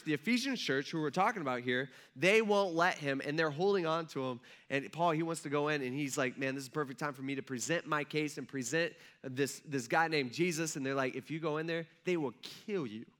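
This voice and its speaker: A man's voice: on the high side, pushed and bright. A male pastor giving a casual, conversational sermon with asides to his congregation.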